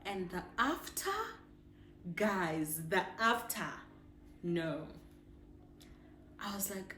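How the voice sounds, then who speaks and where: A woman's voice: on the low side, expressive, slow, a bit bright, echoey room, slight background noise. A woman chatting in a casual personal vlog, emotional and full of fillers and restarts. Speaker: vlogger.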